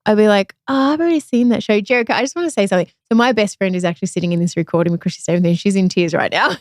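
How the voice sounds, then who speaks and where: In a very fast, mid-range voice with a darkish tone, the Australian woman hosting the podcast chats openly and self-deprecatingly about her own life. The recording is studio quality, with no echo.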